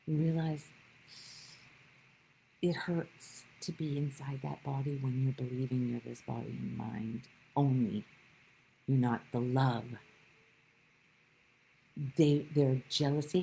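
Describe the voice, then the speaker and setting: A woman's voice: a bass voice, steady tone, takes it slowly, vocal fry, pauses often, mellow, a little hiss or hum, rough recording. A woman giving a live-streamed spiritual talk, telling stories with animation and greeting viewers by name. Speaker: spiritual teacher.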